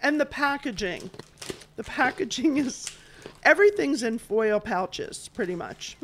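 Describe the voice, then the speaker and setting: A woman's voice: on the high side, lively intonation, measured pace, slight background noise. A woman hosting a casual chat while taste-testing snacks, enthusiastic and reading product labels aloud. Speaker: host.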